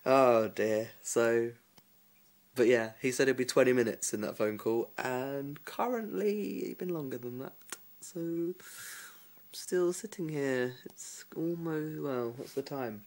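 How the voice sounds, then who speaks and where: Here a man with a medium-pitched, slightly mellow voice talks slowly while vlogging at home on his phone camera. He tells a loose, meandering story, often laughing and imitating the other people involved.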